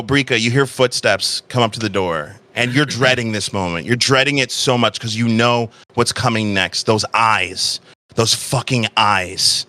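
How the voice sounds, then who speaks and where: A man narrating as game master of a tabletop game, slow and dramatic in description with casual asides. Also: mid-range voice, sharp tone.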